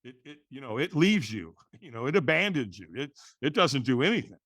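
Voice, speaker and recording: Animated middle-aged man telling a story. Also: medium pitch, brisk, no room sound, studio quality. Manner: animated, acts out voices in quotes, restarts words. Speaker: guest. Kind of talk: storytelling in a podcast interview.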